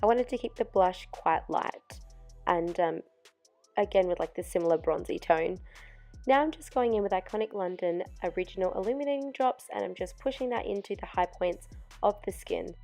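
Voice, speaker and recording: A woman's voice: mid-range voice, normal speed, gravelly, a little mellow, faint music behind. A young woman narrating a makeup tutorial voice-over step by step, chatty, while losing her voice. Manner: chatty, step-by-step explaining with fillers. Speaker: makeup artist.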